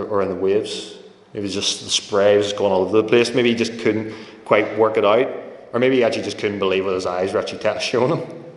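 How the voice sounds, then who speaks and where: A man delivers a sermon in a relaxed, conversational way, slipping into stories and acting out quoted voices. His voice sits low, and the church hall around him rings with a long, roomy echo. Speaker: preacher. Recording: echoey hall with long reverb.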